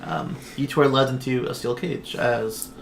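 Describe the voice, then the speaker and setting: A man running a tabletop game, narrating scenes in a relaxed, descriptive way with lots of fillers. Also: medium pitch, normal speed, gravelly, background noise. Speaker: game master. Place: home, online stream.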